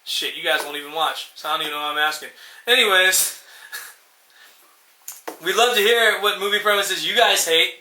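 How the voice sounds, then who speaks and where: A man's voice: high voice, normal speed, pauses often, bright, forceful tone, slight background noise. A man co-hosting a podcast, ranting in a rambling, profane way and acting out scenes in mocking voices. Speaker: podcast co-host. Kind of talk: casual ranting chat. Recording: roomy echo.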